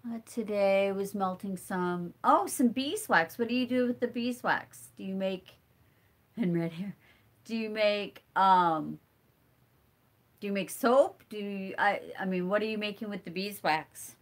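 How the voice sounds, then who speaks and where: This homesteading channel host is a middle-aged woman whose medium-pitched voice is unhurried, though her nose sounds stuffy. On her casual live stream she talks and takes viewer comments as they pop up.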